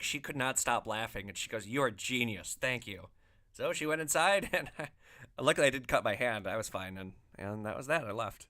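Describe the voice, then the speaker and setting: Hosting a podcast, a man tells stories casually, with loose, profane phrasing and lots of filler words. His voice is lowish and a bit bright.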